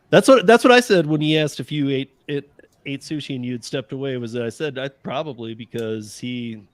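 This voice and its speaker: A man's voice: mid-range voice, moderate pace, dry recording. A man hosting a casual roundtable, loose and teasing, rambling through restarts as he talks. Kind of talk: casual panel chat.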